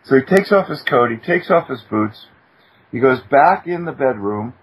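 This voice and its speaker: A husky man recounts a story in lively, animated fashion, jumping into higher, excited tones when he voices what someone said. His voice sits in an ordinary male range. The recording is dull and lo-fi. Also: normal speed. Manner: animated, acts out quoted speech with sudden high-pitched exclamations. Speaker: guest, attorney. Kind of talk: storytelling in casual talk. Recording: muffled lo-fi recording.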